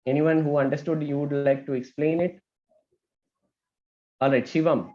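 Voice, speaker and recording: A man teaching an online math class, talking briskly and checking in with students with a frequent "okay?". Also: fairly high pitch, steady tone, dull audio. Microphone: video call.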